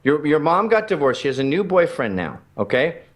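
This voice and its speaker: A man's voice: a little high, very animated, brisk. A man in opinionated chat who lectures, explaining his points through analogies.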